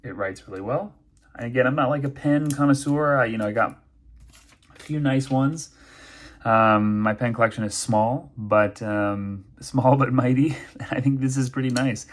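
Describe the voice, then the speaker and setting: A man's voice: mid-range voice, normal speed. Chatty man thinking aloud. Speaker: knife and pen reviewer. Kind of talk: casual unboxing review.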